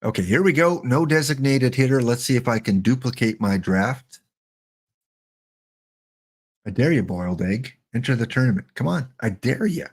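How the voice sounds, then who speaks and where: A middle-aged man giving chatty, joking live-stream commentary while playing a baseball sim, excited and wired on coffee. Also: medium pitch, normal speed, pauses often. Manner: chatty, joking, talks to chat bots.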